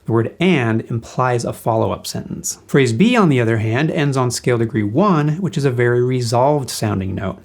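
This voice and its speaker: A man teaches a guitar lesson, breaking down a solo with patient explanations. His voice sits at an ordinary mid pitch. He sings the rhythms out loud as syllables. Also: expressive, moderate pace, few pauses. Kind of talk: music theory lesson.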